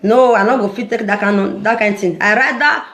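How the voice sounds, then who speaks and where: A Nigerian woman talking casually to her followers in a vlog, animated and preachy, often laughing as she speaks. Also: fairly high pitch, brisk. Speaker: social media vlogger.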